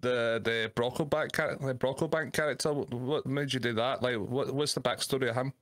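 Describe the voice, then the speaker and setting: A man's voice: mid-range voice, steady tone, fairly quick, fairly bright tone. Laid back guy co-hosting, laughs a lot, middle voice. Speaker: podcast co-host. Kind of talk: casual interview chat.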